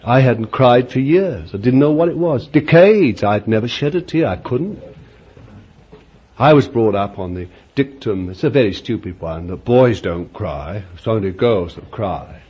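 A man's voice: mid-range voice, animated, measured pace, breathy edge. An older man preaching a sermon, emphatic and chuckling often, repeating his phrases. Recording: dull lo-fi recording with faint background noise.

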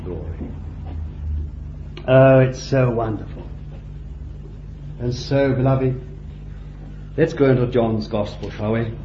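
A man preaching a sermon with deliberate phrasing, climbing to fervent high peaks and then dropping low and quiet. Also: noisy background. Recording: dull lo-fi sound in a roomy hall.

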